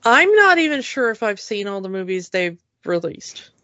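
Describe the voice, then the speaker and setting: A woman's voice: mid-range voice, very animated, moderate pace, sharp tone, dry recording, dull audio. A woman co-hosting a podcast in casual chat, agreeable and brief. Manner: agreeable, short replies. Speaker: podcast co-host.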